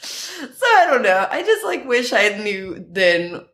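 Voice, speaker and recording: Female podcast guest, casual storyteller, very animated pitch, laughs a lot. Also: takes it slowly. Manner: animated, laughing often, quoting herself in higher voices.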